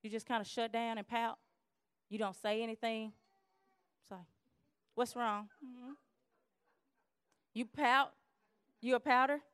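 A woman giving a lively church teaching on conflict, acting out quarrels in quick voices. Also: fairly high pitch, clear, resonant tone, dry recording, clean studio sound.

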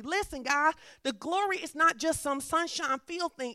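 A woman's voice: high-pitched, expressive, moderate pace, hardly any pauses, bright, forceful tone, dry recording, studio quality. Woman preaching, rising to fervent emphasis. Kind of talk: sermon.

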